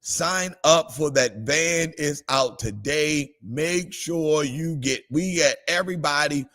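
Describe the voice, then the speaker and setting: A pastor with a fairly high voice leads a morning devotional livestream, taking it slowly. He moves between calm scripture reading and excited exclamations.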